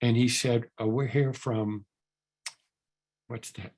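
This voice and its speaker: A man's voice: medium pitch, steady tone, takes it slowly, a little mellow. Older man, workshop speaker, rambling earnest storytelling, repeats himself, mid-range voice. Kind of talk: storytelling talk at a recovery workshop.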